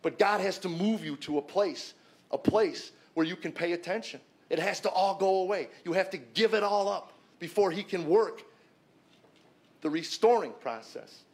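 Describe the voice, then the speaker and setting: A man's voice: sits high, animated, normal speed, slightly rough. A middle-aged man, a comedian, earnestly telling a personal story to an audience in a conversational way, often restarting and repeating words. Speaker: comedian giving a personal testimony.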